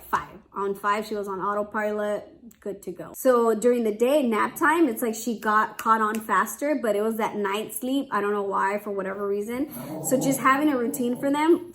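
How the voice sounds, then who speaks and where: A young woman, a mother, chatting casually to camera, with a lot of "like" and restarts. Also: on the high side. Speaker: vlogger, mother.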